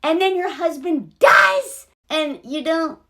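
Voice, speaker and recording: A woman's voice: very high-pitched, takes it slowly, sharp tone. A woman giving a blunt, sarcastic, exasperated rant about a TV show. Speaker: video creator.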